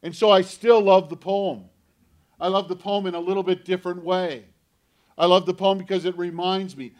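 Guy preaching a sermon, bit high voiced, tells personal stories, gets loud then drops to almost a whisper. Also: steady tone, moderate pace. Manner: swings from loud emphatic lines to hushed near-whispers; earnest, personal storytelling. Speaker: pastor.

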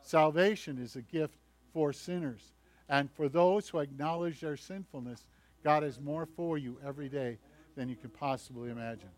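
A male pastor giving a conversational sermon, telling the story in a lively way with acted voices. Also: a little high, normal speed. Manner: conversational, animated storytelling preacher who acts out voices.

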